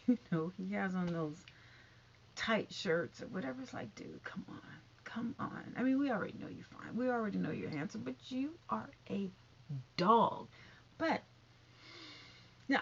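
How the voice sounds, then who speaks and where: A woman's voice: medium pitch, sing-song, moderate pace, creaky, lo-fi sound, a little hiss or hum. A woman vlogging casual celebrity gossip in a chatty, catty way, full of asides and repeated no's.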